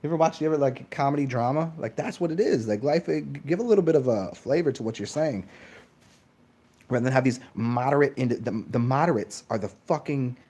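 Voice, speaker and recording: Guy ranting solo into the camera, swears a lot, medium pitch, keeps switching into mocking voices. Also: fairly quick, slightly rough. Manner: profane, animated, mimics others in high mocking voices. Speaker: channel host. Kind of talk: casual monologue rant.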